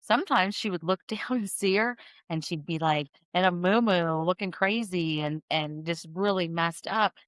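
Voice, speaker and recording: With a fairly low, smooth voice at a moderate pace, a woman hosts a podcast from an in-person studio, recounting a true-crime story in a casual, filler-laden way full of restarts and self-corrections. There's no room sound.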